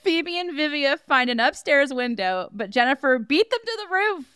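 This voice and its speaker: A woman's voice: sits high, animated, moderate pace, pushed and bright, dry recording, studio quality. A woman co-hosting a podcast, recapping a movie's plot in a casual chat, with laughing, sarcastic asides. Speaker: podcast co-host.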